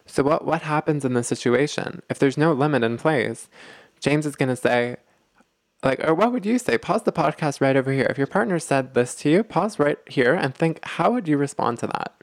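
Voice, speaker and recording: A man's voice: medium pitch, animated, moderate pace, gravelly, no echo, studio quality. A man hosting a self-help podcast, explaining ideas in a casual, thinking-aloud way that often repeats words. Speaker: podcast host.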